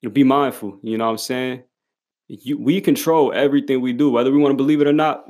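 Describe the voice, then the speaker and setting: With a medium-pitched, slightly mellow voice, a young man gives the camera a casual pep talk. His delivery is blunt and emphatic, laced with swearing and street slang, and he frequently laughs mid-sentence.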